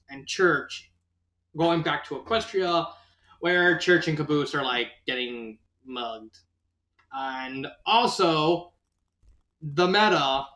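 A man's voice: fairly high pitch, bright, forceful tone. A man casually reviewing a fan story, rambling with many fillers and restarts. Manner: laughs at his own retelling. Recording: roomy echo.

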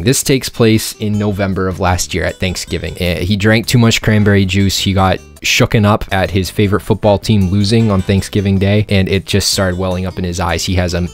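Young guy, low voice, rambling teasing drawing commentary over soft music. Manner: joking, rambling, mock-teasing asides. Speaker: YouTuber drawing subscribers. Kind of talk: casual commentary while drawing.

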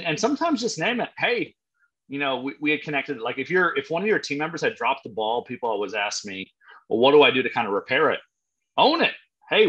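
A man's voice: medium pitch, pushed and bright, rough recording. A man coaching real estate agents in a blunt, emphatic way, cursing freely as he makes his points. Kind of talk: live coaching talk.

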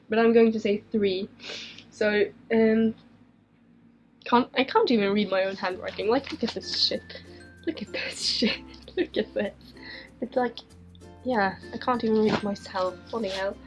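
A young woman from Sweden chats to her camera in her bedroom, rambling, giggling and breaking off her own sentences. Her voice sounds strained and worn. Soft music plays faintly behind her. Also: mid-range voice. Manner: rambling, giggly, self-interrupting. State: strained, fading voice. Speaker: vlogger. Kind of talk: casual chat answering viewer questions.

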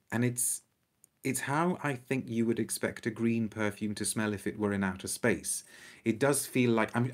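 Chatty low-voiced man reviewing perfumes. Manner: enthusiastic, repeats words while thinking aloud. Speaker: perfume reviewer hosting a live stream. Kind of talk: unscripted live-stream chat reading viewer comments.

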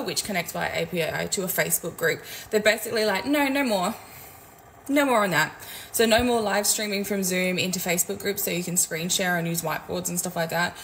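Fairly low and a bit bright, her voice carries vocal fry on a rough recording with a little hiss or hum. She's a business coach who owns a community, casually ranting to camera as she makes coffee at home, frank, profane, exasperated and chatty.

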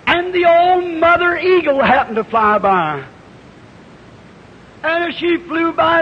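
A man preaching a fervent revival sermon, telling a parable in a storytelling way that rises into shouts. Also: extremely high pitch. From United States. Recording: lo-fi 1950s hall recording with hiss.

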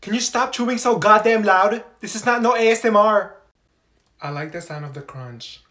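Man playing a sassy teen girl, loud and foul-mouthed. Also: a little high, a little fast, lightly acted. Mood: angry. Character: sassy, hot-tempered teenage schoolgirl.

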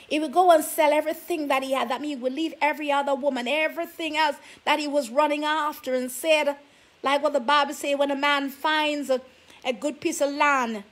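A woman vlogger giving relationship advice, scolding her listeners with sassy rhetorical questions. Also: high-pitched. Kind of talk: preachy talk to camera.

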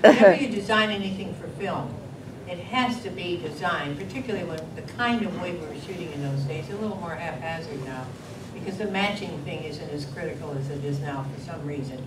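An older American woman tells stories from her acting days at a convention Q&A, chatty and quick to laugh. Her voice sits on the lower side and comes from a distance, echoing through a big hall under loud background noise. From United States. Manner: chatty, anecdotal, laughs often. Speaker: panel guest, actress. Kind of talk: convention Q&A answer.

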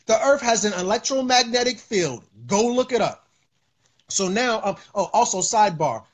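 High-voiced man preaching on a livestream. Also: expressive, normal speed. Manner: loose and preachy, with lots of fillers, repeats lines for emphasis. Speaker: livestream host. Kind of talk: casual livestream monologue.

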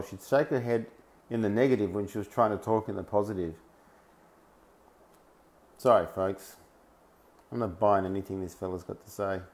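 A man's voice: lowish voice, creaky, a little mellow. A man with an Australian accent giving a mocking, ranting commentary over news clips. He often laughs between phrases and hammers home points with lists of single words. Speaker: online commentator.

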